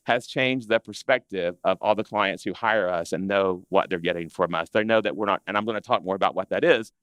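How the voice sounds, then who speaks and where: A man presenting to an audience of interior designers in a chatty, animated way, acting out what clients say. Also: on the low side, smooth, no echo. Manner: animated, conversational, acts out clients' complaints. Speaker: interior design business educator. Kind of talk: live presentation to a seated audience.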